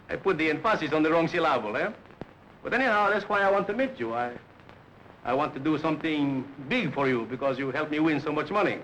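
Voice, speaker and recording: Big-talking gambler, broken english, laughs a lot, highish voice. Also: male voice, expressive, brisk, a bit bright, slight background noise, low-quality recording. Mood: jovial. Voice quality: broken English, chuckling often. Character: boisterous immigrant gambler, big talker. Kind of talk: 1930s film dialogue.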